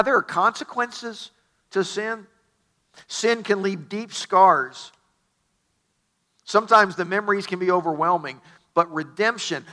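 A man's voice: high voice, sharp tone. A middle-aged man preaching a sermon as pastor, telling the story with enthusiasm and stammered restarts.

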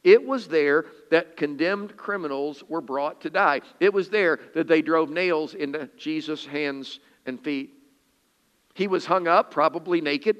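A pastor preaches with earnest emphasis, his voice sitting a little high for a man. He reads scripture dramatically, and his words ring out with a long reverb from the hall around him. The delivery is steady and deliberate, built for a congregation. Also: smooth, highs cut off. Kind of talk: sermon.

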